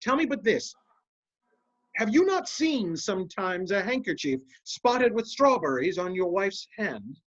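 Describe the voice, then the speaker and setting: A sly, scheming male officer, read by an actor in an amateur Shakespeare reading. The delivery is measured and insinuating, at a middling pitch. The sound is muffled and lo-fi. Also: very animated.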